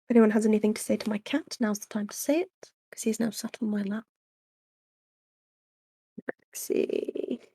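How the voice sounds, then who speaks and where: A young woman reads a novel aloud on a livestream from a small room at home, using a desk microphone. Her husky, mid-range narration is soft and unhurried, sprinkled with chatty asides, and there's no room sound.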